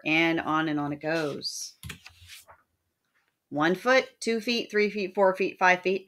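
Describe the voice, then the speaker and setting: Woman, lecturer: clear, explanatory teaching read with a sing-song rhythm on the verse examples. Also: lowish voice, bright, forceful tone. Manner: plain explanatory delivery. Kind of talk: recorded lecture.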